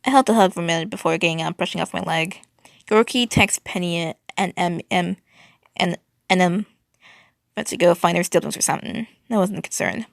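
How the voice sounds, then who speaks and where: A woman reads a fan fiction story aloud, frequently stumbling over words and starting again, with a wry manner. Her low, gravelly voice moves briskly, and the recording is dry and close with no room sound.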